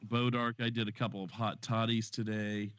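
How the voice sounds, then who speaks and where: A man's voice: lowish voice, little pitch movement, moderate pace, fairly bright tone, dry recording. A man hosting a live stream, chatting loosely and profanely with friends, his voice stuffy and strained from a sore throat. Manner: loose and profane, reading donations aloud. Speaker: host of a live stream show. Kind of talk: casual live-stream chat and game commentary. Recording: dry, dull lo-fi stream audio.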